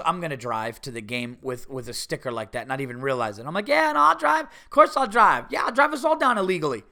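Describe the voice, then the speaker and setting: A middle-aged man telling a rambling, animated story on his podcast, full of restarts and asides. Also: mid-range voice. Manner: rambling, animated, with many restarts and mock voices. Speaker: podcast host. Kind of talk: casual storytelling.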